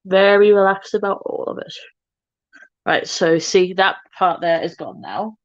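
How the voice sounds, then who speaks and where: A woman talking her way through a makeup look on a livestream, chatty and joking at her own expense. The sound is dull and flat, recorded with no room echo at all. Her voice sits at an ordinary middle pitch. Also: measured pace. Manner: chatty, self-mocking, talks to viewers while working. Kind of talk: casual makeup tutorial chat.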